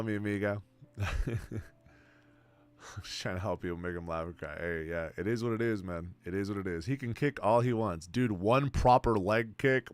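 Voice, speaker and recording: A man's voice: on the low side, clean tone. A man in his twenties, streaming and answering chat in casual, blunt talk full of bro and man. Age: 20s. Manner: blunt, slangy, calls everyone bro and man.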